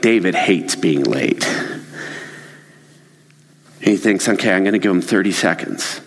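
A man preaching a sermon and telling a story, earnest and conversational. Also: sits low. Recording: long hall reverb.

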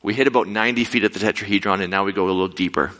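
A man telling a lively story in a sermon, acting out his own quoted lines with sudden leaps in pitch. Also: very fast. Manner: animated, acts out quotes with big pitch jumps. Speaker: preacher. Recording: echoey hall with long reverb.

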